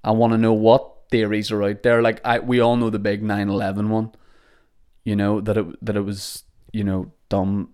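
Podcast host, young man, lower voice, rambling comic monologue, swears a lot. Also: fairly even intonation, brisk, a little mellow, smooth. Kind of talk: casual comedic monologue. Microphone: podcast microphone.

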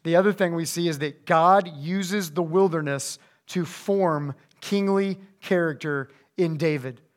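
A young man preaches to a room of teenagers in a bright, high voice. He jokes with them and acts out the quotes, jumping up sharply in pitch for comic effect. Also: unhurried. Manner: animated, joking, acts out quotes with big pitch jumps. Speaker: youth pastor. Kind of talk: energetic sermon to teens.

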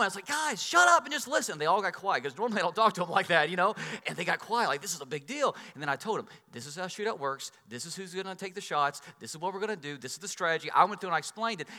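A man delivers a sermon to a congregation, his voice sitting high and bright. He tells stories with animated swings in loudness. The sound carries a long hall reverb. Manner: animated storytelling, swings between loud and soft. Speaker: pastor.

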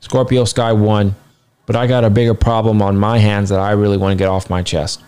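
A man with a somewhat low voice talks through a wrestling show review in a loose, opinionated way. He is blunt, drops the odd curse word and rambles into asides, sounding tired throughout. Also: little pitch movement, brisk, darkish tone, clean tone. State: tired, yawning.

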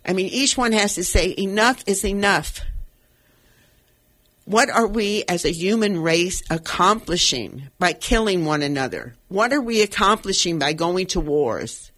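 Her voice is on the low side, animated and a bit bright, and she speaks a little slowly. An older radio talk show host, she offers impassioned commentary full of emotional, earnest conviction, wandering and starting sentences over.

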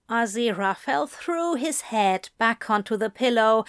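A woman reads a story aloud in a slow, steady, intimate manner, her voice sitting a touch high. The recording is dry and close with no room sound. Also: dry recording. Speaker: narrator. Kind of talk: audiobook fan fiction reading.

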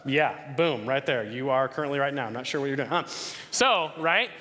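A young man preaching a sermon to a campus crowd, lively, often asking the listeners questions. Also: mid-range voice, brisk. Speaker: campus ministry speaker. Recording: long hall reverb.

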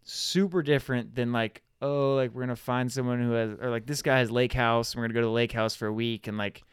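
A man's voice: mid-range voice, fairly even intonation, fast talker, clear, resonant tone, no echo, clean studio sound. A young man from California in a casual chat, laid-back and filling his talk with "like". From Central or Southern California. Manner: laid-back, says "like" often. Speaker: conversation participant.

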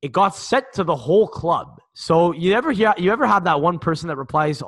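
A man's voice: sits high, expressive, fairly quick. A man co-hosting a casual sports podcast, rambling with lots of restarts and casual swearing. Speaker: podcast co-host.

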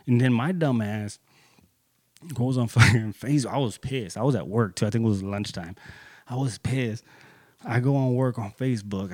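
A man's voice: on the low side, dry recording. A man telling a personal story in a casual, heated and profane way, rambling and full of fillers like "dude" and "you know".

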